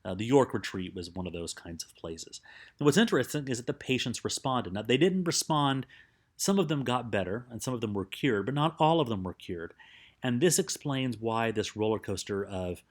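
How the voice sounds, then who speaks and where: A man's voice: medium pitch, expressive, normal speed. A man teaching a recorded psychology lecture in a conversational way, with many fillers and restarts.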